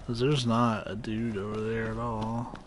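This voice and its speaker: A man's voice: on the low side, flat delivery, unhurried, background noise. A man with a nasal voice, casually talking through a game he is streaming live, loose and profane. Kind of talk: live gameplay commentary.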